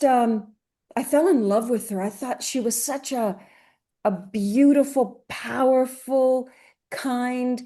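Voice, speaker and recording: A middle-aged voice actress from Greece appears as a guest in a relaxed interview, sharing stories in a warm, mid-range voice. She chats freely, often restarting and using plenty of fillers.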